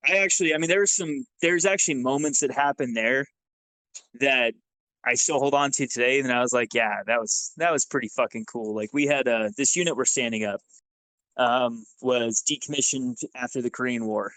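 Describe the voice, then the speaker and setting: The male guest, an ex-Army sergeant, tells stories on a podcast in a casual, profane, lively manner, voicing every quote. His voice sits in the mid-range at normal speed, recorded dry with no room sound, and the audio is poor.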